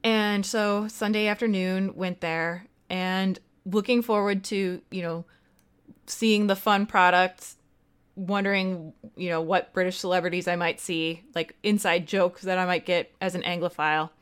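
A young woman co-hosts a podcast in relaxed, chatty conversation. Her voice is smooth and clear, and she tells stories in an animated, self-deprecating way. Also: lowish voice, unhurried. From United States. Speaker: podcast co-host. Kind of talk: casual chat.

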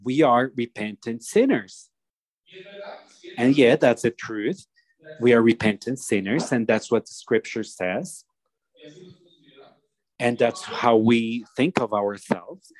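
A man preaching a sermon, slow and deliberate, often restarting his phrases as he explains a passage. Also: mid-range voice, poor audio.

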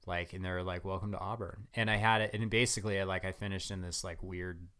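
A man with a fairly low voice chatting as a guest, rambling through a story full of fillers. He tells it in an animated, storytelling way. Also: quick pace. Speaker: guest runner. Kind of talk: casual interview chat.

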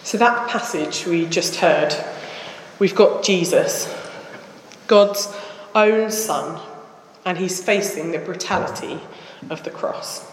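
A woman giving a sermon in a church, speaking in a slow, reflective and earnest way. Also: lowish voice, a little hiss or hum. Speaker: preacher. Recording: echoey church hall.

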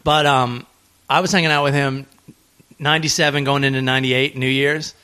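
A man in a loose podcast chat, telling old stories and tossing in quick "right, right" replies. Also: medium pitch, clean tone. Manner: relaxed, chatty, drops in quick affirmations. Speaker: podcast co-host. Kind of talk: casual storytelling.

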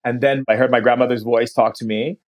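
Recounting a personal story as a podcast guest, a man speaks at medium pitch in a steady tone. He is earnest and unhurried, and he often slows down to linger on words.

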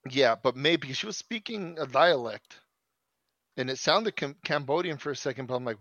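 A man's voice: medium pitch, expressive, moderate pace, fairly bright tone, no room sound, dull audio. A man in his thirties telling a long story in casual chat, swearing often and restarting his sentences. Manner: profane, rambling storyteller with many restarts.

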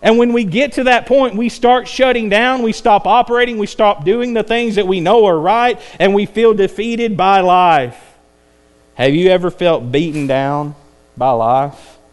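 A man preaching a sermon, climbing to intense peaks and then dropping low and quiet. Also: measured pace, clear, resonant tone. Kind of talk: evening sermon.

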